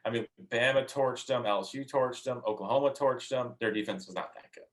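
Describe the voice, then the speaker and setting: A man's voice: mid-range voice, a little fast. A man co-hosting a casual sports podcast, giving opinions hesitantly and often restarting his words. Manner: hesitant, repeats words while thinking. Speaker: podcast co-host.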